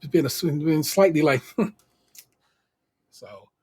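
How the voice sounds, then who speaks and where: An American man co-hosting a podcast, talking in a loose, slangy, animated way. His voice sits fairly high for a man. He laughs easily as he recaps the show for his listeners. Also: takes it slowly, breathy edge. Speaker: podcast co-host. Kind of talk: casual chat recapping a TV show.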